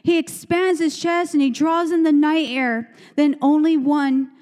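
A woman's voice: sits high, steady tone, measured pace, darkish tone. A woman preacher delivering a fervent sermon with emphatic, repeated phrases and calls to the congregation. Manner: fervent, call-and-response, repetitive emphatic phrases. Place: church sanctuary. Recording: long church hall reverb.

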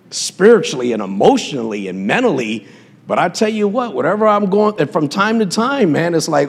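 A man's voice: sits high, very animated, a little fast, husky, big-room sound. A man preaching a sermon as pastor, impassioned, with call-and-response asides to his congregation.

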